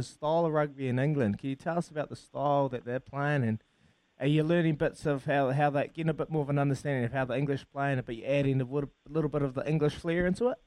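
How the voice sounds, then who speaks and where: A man's voice: mid-range voice, fast talker, a little mellow, no room sound. A man interviewing a rugby player, asking long, loosely worded questions and calling him mate. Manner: long rambling questions, calls the guest mate. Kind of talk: casual interview chat.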